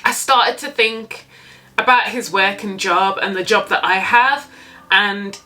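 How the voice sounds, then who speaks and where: A young woman vlogger telling a dating story in a candid, animated way, swearing freely. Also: mid-range voice, unhurried. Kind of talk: casual storytime.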